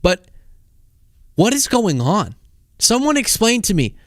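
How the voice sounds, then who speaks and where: A man hosts a solo political commentary show. He sounds animated, incredulous and sarcastic. His voice sits a bit high, and the recording is dry and close, with no room echo. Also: a little slow.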